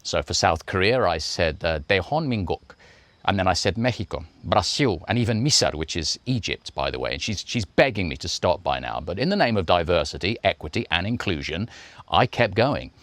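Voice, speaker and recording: A man's voice: low-pitched, big pitch swings, fairly quick, fairly bright tone, no room sound. A man playing a smug, self-righteous male actor-activist who vlogs, speaking in a preachy, rambling, self-satisfied way. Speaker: performer. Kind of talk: comedic character monologue.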